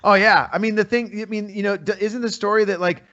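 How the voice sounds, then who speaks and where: A middle-aged American man, a musician and comedian, tells stories as a guest in a casual podcast interview, voicing the people in them with animated quotes. His voice is high-pitched and a little fast, and the audio sounds dull.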